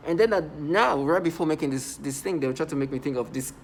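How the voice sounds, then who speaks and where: A man talking in a casual vlog monologue, rambling and halting, with many restarts and stammered repeats. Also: on the high side, animated, a little hiss or hum. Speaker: vlogger.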